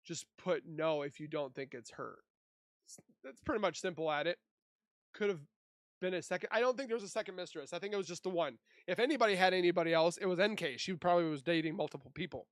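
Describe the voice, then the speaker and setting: A man's voice: high-pitched, fast, dry recording, clean studio sound. A man from Minnesota hosting a casual livestream, chatting and reading viewer comments aloud into a desk mic. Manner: chatty, reads and answers chat aloud. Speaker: livestream host.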